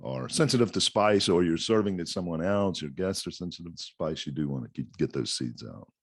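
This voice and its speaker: A man hosting a casual cooking chat, asking questions and joking with lively interjections. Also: low-pitched, fairly quick, gravelly, husky, no echo, clean studio sound. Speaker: host.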